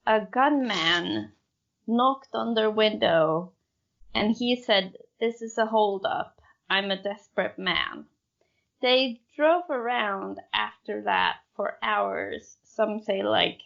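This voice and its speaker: A woman's voice: mid-range voice, gravelly, fairly bright tone, highs cut off. A woman co-hosting a casual true-crime podcast, telling the story in a giggly, hesitant way; English is not her first language. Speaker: podcast co-host.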